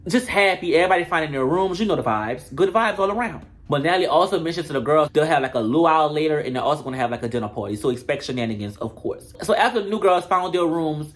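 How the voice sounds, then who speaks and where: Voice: mid-range voice, animated, fast talker, hardly any pauses. A comedic commentator recapping a reality show in a brash, profane, gossipy way.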